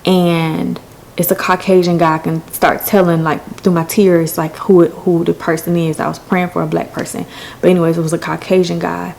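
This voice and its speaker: Candid woman host, lowish voice. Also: flat delivery, normal speed, vocal fry, a little mellow, slight background noise, low-quality recording. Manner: candid, profane, emotional retelling. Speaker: podcast host. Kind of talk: personal storytelling.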